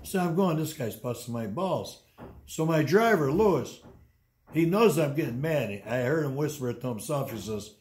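A man in his eighties telling blunt, gruff stories about running tours, in a casual sit-down interview at home. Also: a little high, moderate pace, darkish tone. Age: 80s. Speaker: interviewee and tour guide. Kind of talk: casual storytelling. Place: indoors at home.

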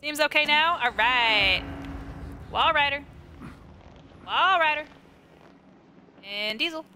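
A woman's voice: high voice, animated, slow, pushed and bright, a little hiss or hum. A young woman streaming a game live, chatting to the game and greeting her viewers. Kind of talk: live gameplay commentary.

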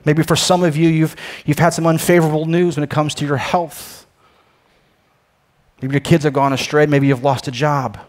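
A man preaching a sermon as pastor, emphatic, swinging between loud proclamations and quiet asides, often repeating words as he starts a phrase. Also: a little high, little pitch movement, moderate pace. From United States.

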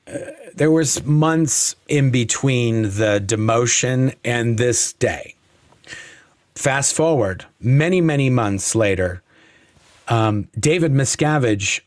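A man as a podcast guest, telling a story in a blunt, profane, animated way. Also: mid-range voice, dry recording, clean studio sound. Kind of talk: casual storytelling interview.

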